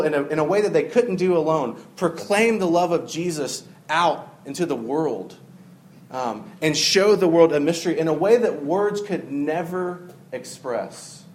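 A man's voice: fairly high pitch, roomy sound, a little hiss or hum. A man preaching a casual sermon, telling stories and speaking directly to his listeners.

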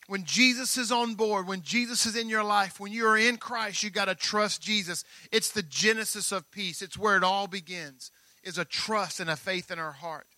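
A male pastor delivering a sermon in a high, bright, sharp voice. His preaching is emphatic and leans on repeated phrases. The sound is close and dry. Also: normal speed, no room sound.

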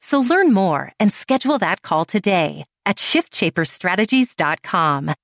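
A woman's voice: sing-song, measured pace, vocal fry, a bit bright, dry recording. Female announcer, upbeat scripted ad spot, dry studio sound. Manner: polished, upbeat pitch. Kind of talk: scripted ad read.

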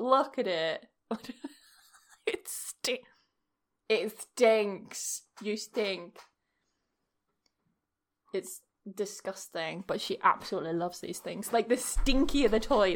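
A young woman hosting a podcast, chatting casually through a spooky story, laughing often and swearing freely. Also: on the high side. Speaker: podcast host.

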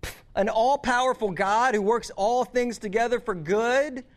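A youth pastor voicing the devil as a mocking, accusing tempter, lower and quieter than his own voice. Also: unhurried. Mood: taunting. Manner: mocking, taunting, low and hushed.

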